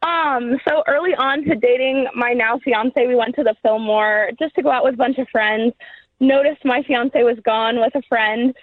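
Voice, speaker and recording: A woman's voice: fairly high pitch, fairly even intonation, normal speed, no echo. A woman calling into a radio show, telling a story casually with frequent giggles. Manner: casual, giggly, laid-back. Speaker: radio caller. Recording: tinny phone line.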